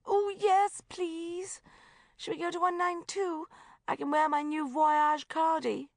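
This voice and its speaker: A woman reading an audiobook, voicing a sobbing, despairing young woman friend in a high, wailing voice. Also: flat delivery, fairly quick, no echo, clean studio sound, natural voice.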